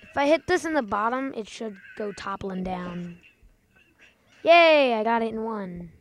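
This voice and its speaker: A young woman hosting a gaming channel, giving casual let's-play commentary and yelping and shouting catchphrases as she plays. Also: fairly high pitch, a little slow. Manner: excitable, yelps and shouts catchphrases.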